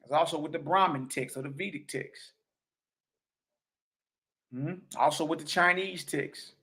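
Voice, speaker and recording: A man teaching a religious lesson, reading passages slowly and commenting in a casual, emphatic way with repeated catchphrases. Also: fairly high pitch, pushed and bright.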